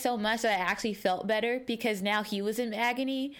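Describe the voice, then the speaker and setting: This young woman, co-hosting a podcast, speaks with a fairly high voice a bit on the fast side. Her casual storytelling is animated, with quotes acted out.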